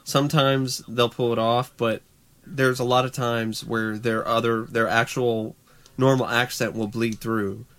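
A man's voice: mid-range voice, flat delivery, measured pace, a bit bright. A man co-hosting a podcast, chatting casually with a laid-back, somewhat hesitant delivery. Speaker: podcast co-host.

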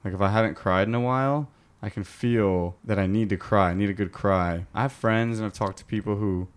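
A man's voice: on the low side, fairly quick, smooth. A young man hosting a podcast with his father, talking in an easygoing, open way. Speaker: podcast host. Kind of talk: casual podcast chat.

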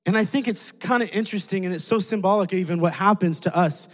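A man with a high voice preaches a sermon, easygoing and animated, and he plays out the people in his stories as he goes. His voice rings with the long reverb of a church hall. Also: fast. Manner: animated, conversational, acts out voices in a story. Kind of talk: sermon with storytelling.

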